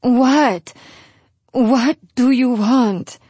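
A woman's voice: on the high side, extremely slow, slightly rough, dry recording, voice pushed up, heavily acted. A woman voicing a bitter, worn-out mother. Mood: irritated. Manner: sharp, cutting and sleepy.

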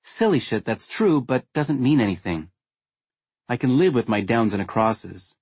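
A man voicing a witty young woman who lectures in a frank, lightly sarcastic way, with a husky tone. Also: medium pitch, sing-song, measured pace, a little mellow, no echo, exaggerated voice. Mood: frank, reflective. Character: witty teasing young woman, blunt and playful.

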